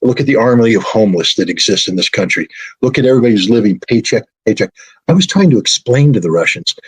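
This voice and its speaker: Husky-voiced American man, emphatic. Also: on the low side, animated, fast, rough recording. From United States. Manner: emphatic, repeats phrases for stress. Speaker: guest. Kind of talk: casual spoken commentary.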